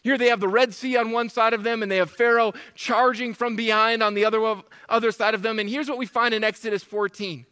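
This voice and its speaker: A man preaching a sermon, animated, acting out complaints in a whiny voice. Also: high voice, a little fast, hardly any pauses, clean tone, in a large hall. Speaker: pastor.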